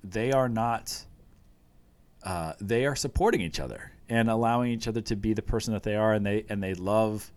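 A man's voice: on the low side, moderate pace. A man in casual chat, retelling scenes from a show with eager, rambling enthusiasm.

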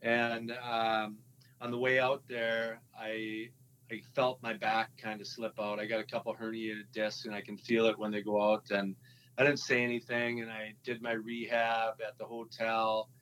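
A man, a former hockey player, telling his story in a relaxed interview, halting with many fillers and restarts, with a Minnesotan accent. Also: lowish voice, a little hiss or hum, poor audio.

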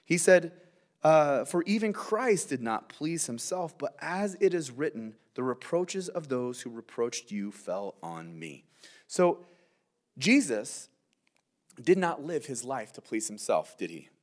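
A man's voice: medium pitch, big pitch swings, slow pace. A male pastor giving a verse-by-verse sermon, earnest and conversational, often saying "man" and asking "right?".

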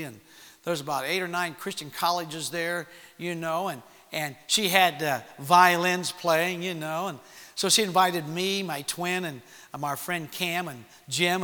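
A man preaching, telling a personal story to young people in an animated way and acting out the voices in it. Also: a little high. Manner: animated storytelling with acted-out quotes. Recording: long hall reverb.

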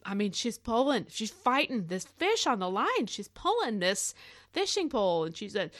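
A middle-aged woman talks casually on her podcast, telling a story with animated energy and plenty of fillers. Her voice sits at a middle pitch. The recording is close and dry, with no room sound. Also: moderate pace, no room sound. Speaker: podcast host. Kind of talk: casual devotional podcast chat.

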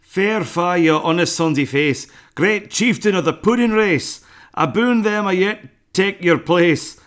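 A man putting on a loud, hammy mock-Scottish brogue to play a brash, swearing ogre for a comic bit. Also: sits high, measured pace, voice pushed up. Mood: hammy recital. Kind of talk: comic impression on a podcast.

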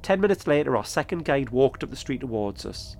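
A man narrating his own podcast episode in a calm, measured storytelling manner. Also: mid-range voice. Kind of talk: scripted narration.

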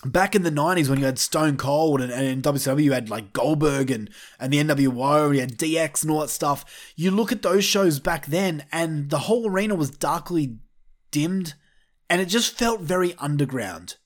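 A man's voice: a little high, moderate pace. A man ranting bluntly and with heavy profanity as he gives his opinions in a vlog. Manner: blunt, heavily profane, fired up. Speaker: wrestling commentator vlogger. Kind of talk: opinionated rant.

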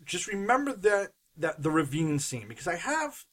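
A man with a high, lively voice leads a casual movie recap, breaking into laughter as he talks. His pitch leaps around as he cuts in and teases his co-hosts. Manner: excited, laughing, quick to interrupt. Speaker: podcast host and editor.

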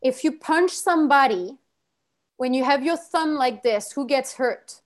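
A woman runs the session with a high, bright-set voice. She speaks in terse commands, swears freely and pushes her trainees hard. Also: expressive, a little slow. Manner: commanding, gives short orders. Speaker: workshop coach. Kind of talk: directive coaching, blunt and profane.

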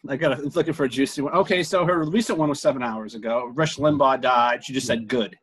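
A man in a casual podcast chat who chuckles and reads posts aloud with halting restarts. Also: medium pitch, fairly bright tone, slightly rough.

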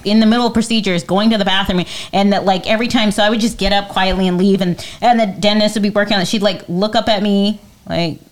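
A woman's voice: medium pitch, steady tone, quick pace, few pauses. A woman in her forties co-hosting a live podcast, telling stories casually and laughing often. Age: 40s. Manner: chatty storyteller, laughs often. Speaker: podcast co-host.

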